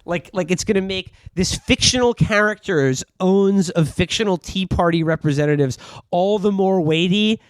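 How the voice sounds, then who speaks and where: Man, fairly high voice, dry close mic, casual comedic podcast banter, mock quotes. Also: normal speed, clean tone, dry recording. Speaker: podcast co-host.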